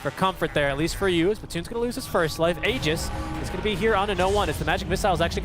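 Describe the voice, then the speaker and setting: A man calls an esports match in quick, excitable play-by-play. His voice sits a little high, with faint music underneath. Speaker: esports caster. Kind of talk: play-by-play commentary.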